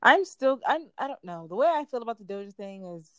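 A woman's voice: on the high side, fast talker, dry recording. A young woman co-hosting a podcast, chatting casually, laughing often and trailing off mid-thought. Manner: excitable, laughing, trails off and restarts. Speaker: podcast co-host. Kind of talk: casual chat.

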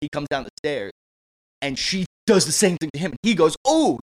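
Animated man telling a profane story. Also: fairly high pitch, fairly quick, no room sound. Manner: animated, acts out quotes in raised voices; profane, laughs often. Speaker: podcast co-host. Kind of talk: casual storytelling chat.

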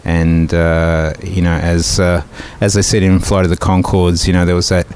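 A man's voice: sits low, level tone, normal speed, darkish tone, a little hiss or hum. A middle-aged man chatting casually as a podcast guest, rambling with fillers and restarts. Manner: rambling, many fillers and restarts, laughs easily. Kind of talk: casual conversational storytelling.

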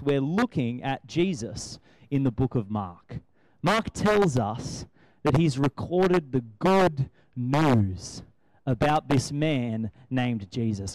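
A man's voice: medium pitch, a little mellow, dry recording, rough recording. A young man giving a conversational sermon, asking his listeners rhetorical questions. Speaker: preacher.

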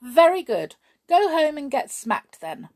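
A woman's voice: sits high, sing-song, measured pace, darkish tone, pitched above the performer's own voice. A woman doing a stern little invisible man. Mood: scornful. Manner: stern, firm, commanding.

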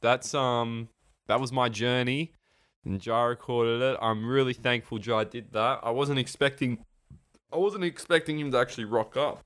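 A young man, co-hosting a podcast in a rambling, excitable chat full of restarts and swearing. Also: mid-range voice, moderate pace, dry recording. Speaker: podcast co-host. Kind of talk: casual chat.

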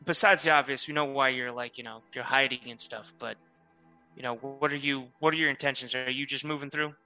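A man voicing a guarded adult male militia leader in a tabletop game who questions people cautiously and haltingly. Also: mid-range voice, fairly even intonation, sharp tone, faint music behind. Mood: wary.

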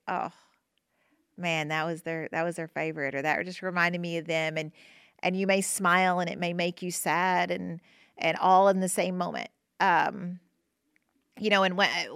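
A woman hosting a podcast, talking casually and gently about grief, reassuring listeners with lots of fillers and restarts. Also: mid-range voice, no room sound, studio quality. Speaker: podcast host.

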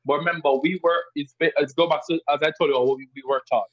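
A man from Jamaica with a strong Jamaican accent, speaking as a podcast guest. His voice sits a little high and sounds husky. He talks with emphasis and repeats words, and the recording is dry and dull. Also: fast, no room sound. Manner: emphatic, animated, repeats himself. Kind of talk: casual conversation.

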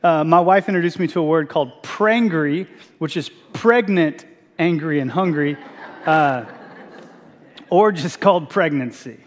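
A man's voice: on the high side, a little slow, big-room sound. A man preaching a sermon as pastor, telling a funny personal story with self-mocking asides. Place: church sanctuary.

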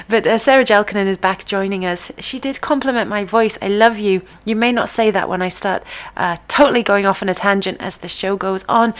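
Bubbly, chatty woman radio host. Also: medium pitch. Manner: bubbly, chatty, reads out messages with fillers and asides. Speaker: radio show host reading listener messages. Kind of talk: casual chatty show hosting.

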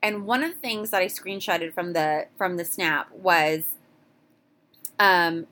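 A woman's voice: fairly low pitch, slow pace, sharp tone. Young woman, casual solo podcast host; candid, rambling, restarts often.

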